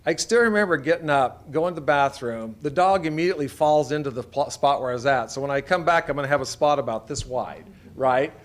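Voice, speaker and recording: A man's voice: a little high, animated, fairly quick, hardly any pauses. A middle-aged man from Idaho, a veterinarian telling folksy anecdotes to an audience and acting out the voices of people in his stories. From Idaho, USA. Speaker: veterinarian speaker. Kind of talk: storytelling talk to an audience.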